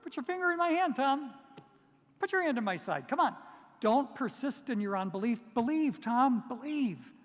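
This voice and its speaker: A man voicing Jesus, gently but insistently coaxing a doubting follower to touch his wounds. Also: very high voice, lively intonation, moderate pace, long reverb tail, pitched above the performer's own voice.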